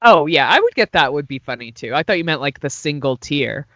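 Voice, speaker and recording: A woman's voice: low voice, very animated, a little fast, a bit bright, dry recording. A woman co-hosting a podcast, chatting casually about reality TV and mostly answering with short agreements. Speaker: podcast co-host. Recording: dry, dull lo-fi sound.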